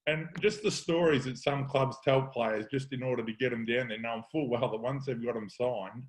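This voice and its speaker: A middle-aged man with an Australian accent spins coaching yarns in a relaxed, chatty way. He slips into the voices of the people he quotes and keeps the talk rolling as host. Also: medium pitch, normal speed, rough recording. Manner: yarn-spinning, acts out quoted lines. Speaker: podcast host, football coach. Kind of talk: casual storytelling chat.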